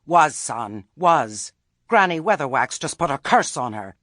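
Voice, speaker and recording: A man voicing a flustered rustic farmer who talks loudly and indignantly in an audiobook reading. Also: on the high side, very animated, measured pace, no echo, clean studio sound, pitched above the performer's own voice, heavily acted. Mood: agitated. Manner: loud, agitated and indignant.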